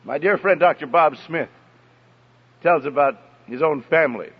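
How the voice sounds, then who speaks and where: A man's voice: a little high, moderate pace, slightly rough. A man preaching a sermon, emphatic and storytelling, heard as a dull recording in an echoey hall. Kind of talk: sermon on parenting.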